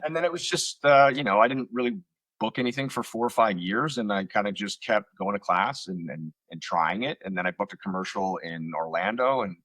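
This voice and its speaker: A man's voice: fairly low pitch, brisk, fairly bright tone, no echo. A man being interviewed about his acting career over a video call from home, telling long rambling stories with lots of fillers and self-mocking asides. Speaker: actor guest. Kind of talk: casual interview storytelling. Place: home room. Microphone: computer on video call.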